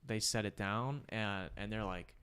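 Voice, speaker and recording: A young man in casual podcast chat, telling stories with lots of swearing and sudden jumps into high voices for quoted lines. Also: a little slow, fairly bright tone, smooth.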